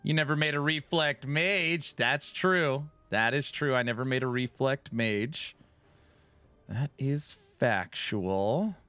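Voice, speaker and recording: A man's voice: medium pitch, steady tone, a little slow, few pauses, bright, forceful tone, smooth, no room sound, faint music behind. A man streaming a game build, chatting casually with his viewers in a self-mocking, talk-back way. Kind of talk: casual live-stream chat while gaming.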